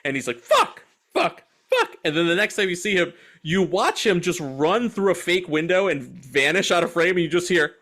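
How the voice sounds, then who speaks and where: Man, podcast co-host, casual movie chat, animated storytelling, profane. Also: high-pitched, fairly quick, few pauses.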